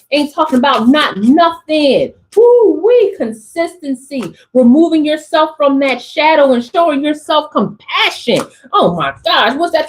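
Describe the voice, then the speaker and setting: A woman doing a channeled tarot reading for her viewers, animated and exclamatory, in casual slangy speech. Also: sits high, low-quality recording. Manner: animated, exclamatory, talks straight to the audience. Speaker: tarot reader.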